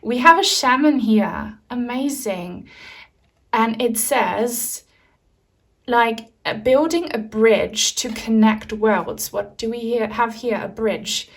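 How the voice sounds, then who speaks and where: A woman's voice: fairly high pitch, slow pace. Chatty, enthusiastic young woman tarot reader. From Germany. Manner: enthusiastic, chatty, addresses viewers as guys. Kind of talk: casual pick-a-card tarot reading.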